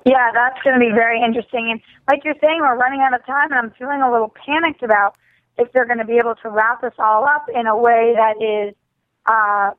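A woman's voice: on the high side, fairly even intonation, a little fast, no room sound. A woman co-hosting a casual podcast about a TV drama, thoughtful and a little hesitant. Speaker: podcast co-host. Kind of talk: casual TV recap chat. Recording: tinny phone line.

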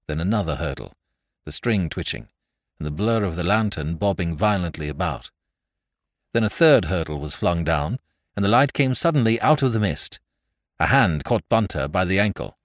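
Male narrator with a low voice and an animated read; dry, close recording. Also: dry recording. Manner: lively dramatic reading. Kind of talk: audiobook narration.

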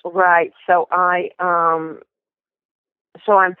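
An older woman, a guest in an interview, tells lively anecdotes and often restarts her sentences. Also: lowish voice, very slow, smooth, no room sound. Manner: animated anecdotes with many restarts. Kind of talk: storytelling interview. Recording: tinny phone line.

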